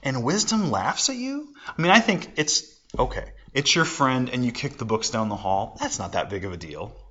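Lively, conversational male Bible teacher. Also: medium pitch, normal speed. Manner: conversational, with rhetorical questions and everyday examples. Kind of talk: casual Bible lesson. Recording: dull lo-fi recording.

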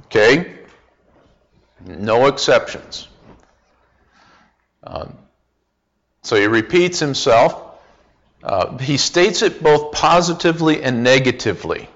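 A man teaching a Bible study lesson, speaking deliberately with frequent pauses and fillers, asking the group questions. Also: mid-range voice, expressive, fairly bright tone, muffled recording. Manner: asks the group questions and repeats answers.

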